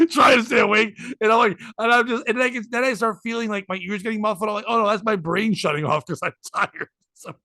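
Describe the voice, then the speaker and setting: A man's voice: high-pitched, brisk, dry recording. A man chatting casually on a podcast, telling a story with lots of acted-out back-and-forth and self-mocking jokes. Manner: animated, self-mocking storyteller who acts out dialogue. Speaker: podcast co-host.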